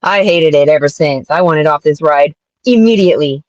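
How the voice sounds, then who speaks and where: A woman guest on a stream with a lower voice who rambles bluntly and leans on "like" between her thoughts. Her audio sounds dull and lo-fi, and dry with no room around it. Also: normal speed, a little mellow, no echo. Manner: rambling, filler-heavy, blunt. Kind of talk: casual call-in chat.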